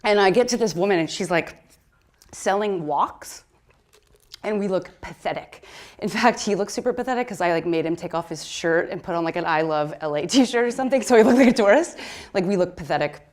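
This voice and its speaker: A woman in her thirties telling a comic story on stage, excitable and chatty, filling her talk with "like" and laughing through her words. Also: lowish voice, fairly quick. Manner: excitable and chatty, heavy use of "like". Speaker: speaker at a conference talk.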